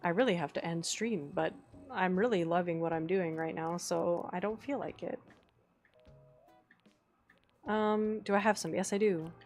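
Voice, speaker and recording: A woman's voice: lowish voice, a little slow, long pauses, soft background music. Bubbly gushing woman game streamer. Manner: gushing, bubbly, squeals when excited. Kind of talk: casual live-stream chat while decorating in a game.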